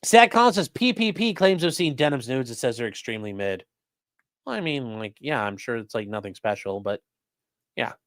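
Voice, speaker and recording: A man's voice: mid-range voice, animated, a little fast, fairly bright tone, dry recording, studio quality. A man doing mocking, sarcastic live-stream commentary while reading chat, swearing often.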